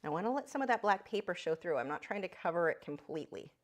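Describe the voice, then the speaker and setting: Here a fast, expressive female art instructor chats her way through a live drawing lesson. Her pet bird gets occasional interruptions aimed at it, delivered in a squeaky, high-pitched voice.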